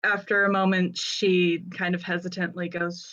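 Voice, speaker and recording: A woman's voice: fairly low pitch, flat delivery, moderate pace, few pauses, a bit bright, lo-fi sound. A woman playing a tabletop role-playing game, casual and giggly as she describes her character's actions. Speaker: player.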